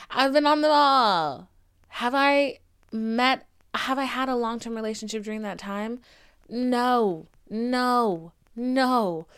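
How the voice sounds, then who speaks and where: A young woman with a slightly high voice rants about her life on a podcast. She swears a lot and jumps into animated put-on voices when she quotes others. The talk is loose and dramatic, like chatting with a friend. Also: clear, resonant tone. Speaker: podcast host. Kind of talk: casual storytelling rant.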